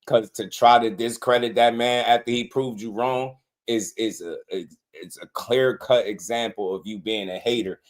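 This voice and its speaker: A man hosting a casual boxing livestream, slangy and excitable, laughing often as he talks to his chat. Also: medium pitch, moderate pace.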